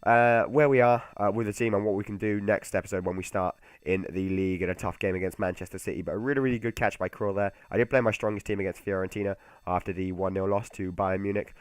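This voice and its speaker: A man's voice: low voice, fairly even intonation, fast talker, hardly any pauses, darkish tone, no echo. A young man giving casual, rambling commentary over a football video game, with lots of fillers and restarts. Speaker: gaming YouTuber.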